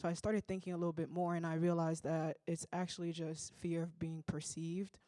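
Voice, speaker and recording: A woman from the audience sharing a comment, nervous about public speaking but calming as she goes. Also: lowish voice, a little fast, no room sound, studio quality. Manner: nervous but warming up, laughs between phrases. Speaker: audience member.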